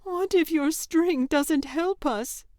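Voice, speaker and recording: A woman narrator voicing a frightened, sarcastic young girl exploring a cave, her voice shrill and quavering. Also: measured pace, a little mellow, no echo, clean studio sound. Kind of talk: audiobook character reading.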